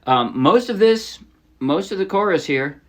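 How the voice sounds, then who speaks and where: A man teaching a song on ukulele in a relaxed, casual way, often correcting himself as he explains. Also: high voice, measured pace. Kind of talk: casual instructional talk. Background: his own ukulele playing.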